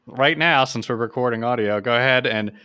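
A man hosting a podcast in relaxed, chatty talk full of asides. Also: medium pitch, fairly quick, smooth. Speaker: podcast host. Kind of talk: casual podcast chat.

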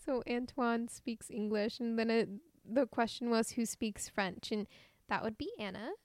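A woman's voice: fairly high pitch, measured pace, no echo, clean studio sound. A young American woman in casual chat as co-host, playful and often laughing while she tells stories. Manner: playful, laughing, animated storytelling.

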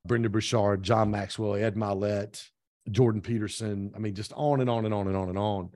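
A middle-aged man telling a story in a casual interview, animated, acting out quoted dialogue. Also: on the low side, moderate pace, no room sound, clean studio sound. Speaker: podcast guest, real estate team owner.

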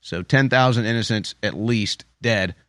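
A man's voice: lowish voice, moderate pace, fairly bright tone, dry recording, studio quality. A man giving an opinion commentary monologue, emphatic and sarcastic, with a habit of repeating phrases for effect. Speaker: political commentator.

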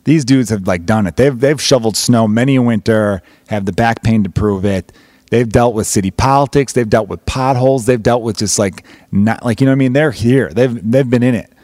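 Man, podcast host, casual profane rambling, fast delivery, dry close sound. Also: medium pitch, darkish tone, no room sound. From Chicago. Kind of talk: casual comedic monologue.

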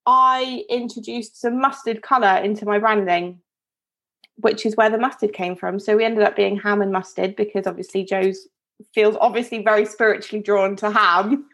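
A woman's voice: mid-range voice, fairly even intonation, normal speed, a bit bright. A woman co-hosting a podcast, telling a story in a chatty, rambling way with frequent laughs. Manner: chatty, rambling, self-interrupting, laughs often. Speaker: podcast co-host. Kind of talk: casual storytelling chat.

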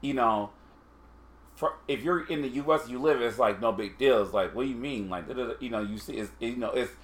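A man's voice: mid-range voice, brisk. A man co-hosting a casual podcast chat, chatty and easygoing, laughing along and filling his talk with likes. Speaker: podcast co-host.

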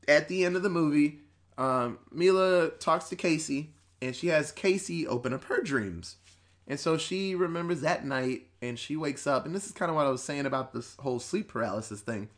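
Guy with kinda high voice rambling through a movie plot, swears a lot, laughs here and there. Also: animated, normal speed. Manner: profane, rambling storytelling with quoted voices. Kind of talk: casual movie recap chat.

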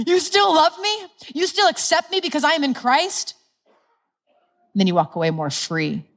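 Woman preacher, chatty and animated, slightly low voice, laughs a lot. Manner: conversational, animated, laughs often, acts out quotes. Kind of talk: sermon.

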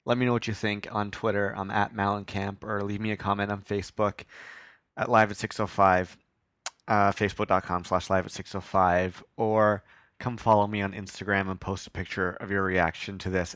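A man's voice: on the low side, a bit bright, dry recording. A man with a Canadian accent hosting a podcast, chatting casually and rambling about songs with self-mocking asides. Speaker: podcast host.

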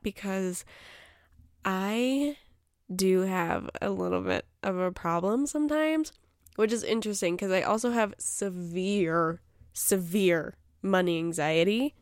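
A woman's voice: medium pitch, slow pace, dry recording. A young woman hosting her own podcast, chatting casually in a rambling, self-deprecating way into a close mic. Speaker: podcast host. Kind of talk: casual solo podcast chat.

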